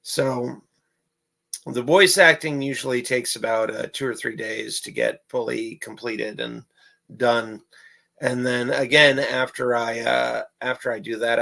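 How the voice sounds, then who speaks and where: A young man chats loosely to the camera, circling back and repeating his points with plenty of fillers. His voice sits at a middle pitch with a gravelly edge that catches at the ends of phrases. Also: steady tone, a little slow, bright, forceful tone, poor audio. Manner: rambling, repeats himself, many fillers. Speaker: amateur animator and writer. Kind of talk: casual vlog monologue.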